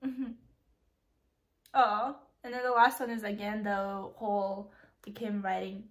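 A young woman with a stuffy nose, gushing excitedly in a casual reaction vlog and saying "like" a lot. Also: mid-range voice, a little slow, long pauses. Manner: gushing and excitable, with lots of "like" and "freaking". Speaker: book vlogger.

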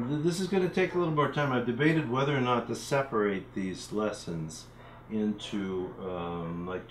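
A man's voice: lowish voice, slight background noise. Man teaching rhythm in a roomy home. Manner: chants rhythm syllables and counts aloud while explaining. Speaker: music teacher. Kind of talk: recorded music theory lesson. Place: home room.

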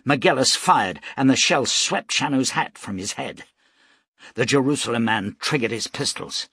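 A man reading an action novel aloud as an audiobook narrator, steady and dramatic. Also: mid-range voice, breathy edge, dry recording, studio quality. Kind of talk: scripted narration.

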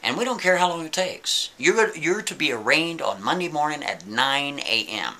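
A man putting on a stern jail captain, gruff and bossy, threatening a prisoner. The voice stays bright and forceful, with a lively swing in pitch. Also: moderate pace, exaggerated voice.

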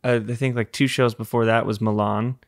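A man's voice: medium pitch, level tone, fairly quick. A man in his thirties chatting casually as a guest, laid-back with short, understated replies. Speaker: guest, musician and son of the host. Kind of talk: casual chat.

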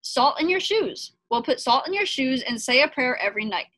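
Storybook mama, gentle and reassuring, slightly high, read by a woman. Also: sing-song, moderate pace, slight background noise. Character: warm, wise mother of a young boy. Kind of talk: reading a picture book aloud.

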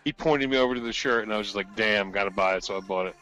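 A man's voice: fairly low pitch, racing, fairly bright tone, faint music behind. A man co-hosting a casual live stream, joking loosely and laughing often as he presents product deals.

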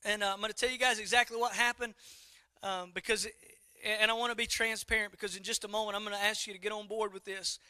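A man's voice: high voice, fast talker, clean tone, no echo. A middle-aged man, a pastor preaching a sermon and telling a story to his congregation. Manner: animated storytelling, talks to the congregation directly.

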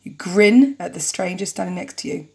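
A woman's voice: lowish voice, moderate pace, creaky, darkish tone. A woman narrating and commenting casually on a story game, chatty and joking as she goes. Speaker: let's play narrator.

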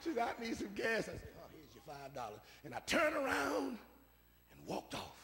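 A man a call-and-response sermon, repeating his phrases and swinging from soft asides to shouts. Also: extremely high pitch, wildly swooping pitch, a little fast, a crowd in the background. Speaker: preacher. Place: church sanctuary. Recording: preaching in a reverberant church hall.

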